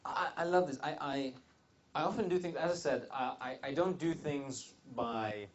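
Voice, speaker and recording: A man's voice: fairly high pitch, normal speed. A man giving a live seminar talk to a room of attendees, rambling with frequent restarts and joking asides. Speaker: seminar speaker. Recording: dull lo-fi seminar recording.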